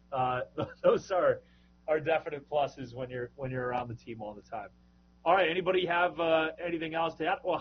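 A man chatting casually on a podcast as a regular host, joking and lively. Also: medium pitch, lo-fi sound, slight background noise. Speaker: minor league baseball broadcaster, podcast host.

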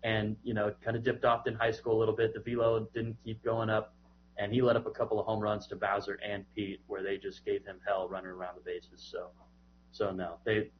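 Podcast guest, male, low voice, dry teasing manner, dull lo-fi call audio. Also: little pitch movement, a little fast, slight background noise. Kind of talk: casual podcast chat.

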